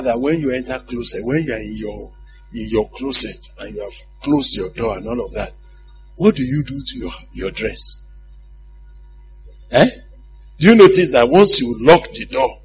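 A man preaching a sermon in an animated, humorous way, often asking the congregation if they follow him. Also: medium pitch, creaky, low-quality recording.

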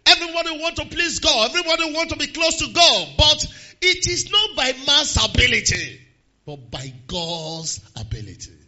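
A man preaching a sermon, swinging from quiet asides to slow, shouted declarations. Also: extremely high pitch, lively intonation, lo-fi sound. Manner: swings from quiet to shouted emphasis, slows hard on key lines.

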